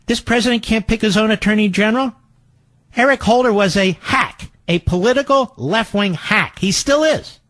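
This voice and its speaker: A man's voice: high voice, normal speed, a bit bright, dry recording. A man hosting political talk radio, combative and sarcastic, often mocking his opponents in quoted voices.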